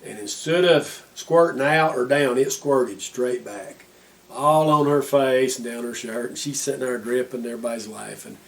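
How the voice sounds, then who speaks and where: A man telling a family story in an interview in a lively, amused way. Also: mid-range voice, normal speed, recorded from a distance.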